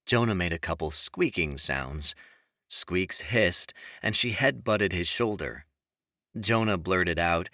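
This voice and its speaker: A man narrating a fantasy audiobook in the first person, wry and expressive, on a close studio mic. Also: low voice, slow, no room sound.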